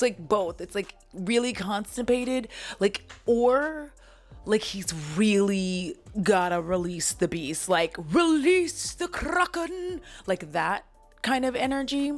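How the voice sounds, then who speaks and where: A woman's voice: medium pitch, takes it slowly, faint music behind. A woman hosting a casual movie recap vlog, giggly and rambling, with plenty of swearing.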